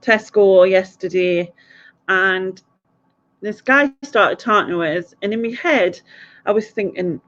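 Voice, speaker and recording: A woman's voice: medium pitch, slow pace, fairly bright tone, dull audio, a little hiss or hum. Chatty woman, giggly. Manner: chatty, rambling, laughs a lot. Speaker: quiz host. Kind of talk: casual live stream chat.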